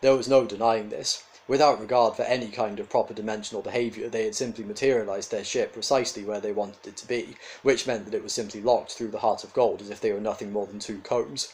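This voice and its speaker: A man reading a book aloud on his channel, then chatting to viewers in a friendly, animated way. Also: fairly low pitch, fast talker, few pauses, low-quality recording. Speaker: reader and channel host. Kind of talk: storybook reading and casual sign-off.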